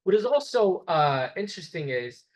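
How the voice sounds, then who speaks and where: A man's voice: high-pitched, big pitch swings, moderate pace, rough recording. A man giving a classroom lecture, explaining step by step and repeating examples so the class can follow.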